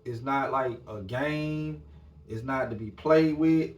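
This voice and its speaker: A man's voice: medium pitch, slow, faint music behind. Male podcast host, easygoing rambling delivery, echoey room. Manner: laid-back, repeats "man" at line ends. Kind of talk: casual monologue.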